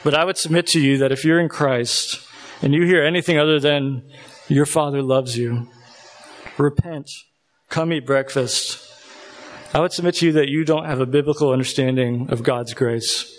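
A man preaching a sermon, earnest and emotional, reading scripture aloud and pausing now and then to collect himself. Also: on the high side.

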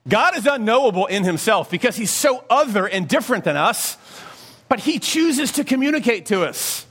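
A male pastor delivering a sermon, talking to his listeners in a conversational, animated way. His voice sits high and leaps around a lot in pitch. He keeps checking in with rhetorical questions and small asides. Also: moderate pace, slightly rough.

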